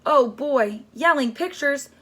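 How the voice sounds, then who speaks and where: A woman reading aloud, voicing a slow, dopey male thief sidekick in a storybook. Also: high-pitched, animated, a bit bright, pitched above the performer's own voice, exaggerated voice.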